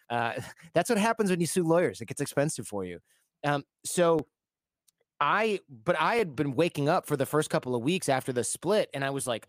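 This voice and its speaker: A man in his thirties telling a personal story in a casual, animated way, often acting out what others said, recorded close on a studio mic. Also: medium pitch, no room sound. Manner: animated, acts out quoted voices. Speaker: podcast guest.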